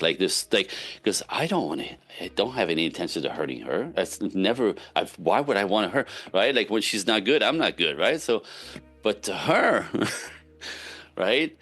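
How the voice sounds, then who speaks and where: Deep-voiced man giving emphatic relationship advice. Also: normal speed. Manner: emphatic, animated, frequent "right?" tags. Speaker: relationship coach, podcast guest. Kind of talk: casual conversational advice.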